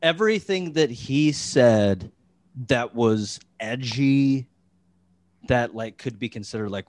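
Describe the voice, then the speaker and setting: A man's voice: mid-range voice, animated, slow, no room sound. A man hosting a podcast in casual chat, rambling and profane, with lots of fillers. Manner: rambling, full of "like" and restarts, profane. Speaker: podcast host.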